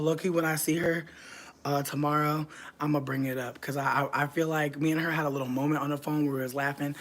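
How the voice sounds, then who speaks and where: A woman's voice: deep voice, fairly even intonation, fast talker. A woman chatting casually on a livestream, telling stories in a playful, profane way. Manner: starts in a soft whisper, then grows loud. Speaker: livestream host.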